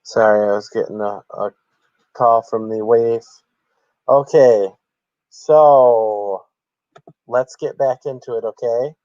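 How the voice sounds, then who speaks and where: A man's voice: medium pitch, slow, long pauses, a little mellow, dry recording, muffled recording. A man hosting a satirical livestream, speaking in a mock-earnest, theatrically emotional way. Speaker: streamer.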